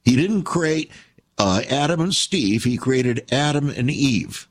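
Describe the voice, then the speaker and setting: A man's voice: medium pitch, expressive, slow. A man preaching a radio sermon, reading scripture aloud with strong emphasis and calling listeners his friends, then appealing for donations as the ministry's host.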